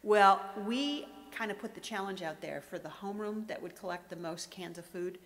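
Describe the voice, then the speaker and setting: A middle-aged woman runs the morning school announcements, sounding upbeat, chatty, and encouraging. Her mid-range voice moves at a normal speed and has a slightly bright quality. The room is reverberant, with faint background noise.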